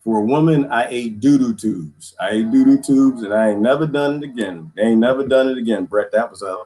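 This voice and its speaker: A man's voice: mid-range voice, brisk. A man hosting a live stream, telling crude, funny stories in casual chat with his viewers and laughing often. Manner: animated storytelling, crude joking, laughs often.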